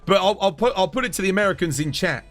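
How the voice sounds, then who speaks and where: British male streamer, heated sweary rant, animated delivery, soft music behind. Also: high-pitched, fast talker. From United Kingdom. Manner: heated, swears a lot, keeps saying "dude". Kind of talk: casual live-stream rant.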